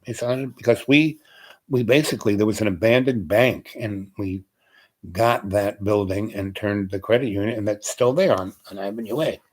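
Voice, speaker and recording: A man's voice: lowish voice, normal speed. An older man telling a casual, meandering story from his past, leaning on "you know" and other fillers as he talks. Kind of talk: casual rambling reminiscence.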